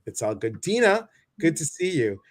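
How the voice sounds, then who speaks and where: A man's voice: on the high side, very animated, moderate pace. A man with a Midwestern American accent hosting a casual livestream, greeting viewers by name and cracking jokes over a video call. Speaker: host.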